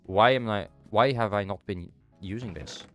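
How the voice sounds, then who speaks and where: A man's voice: fairly low pitch, moderate pace, a bit bright, soft background music. A young Dutch man streaming a game, chatting casually with his viewers; his nose is stuffed up from a cold. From Netherlands. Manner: chatty, answers chat while playing. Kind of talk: casual chat while gaming.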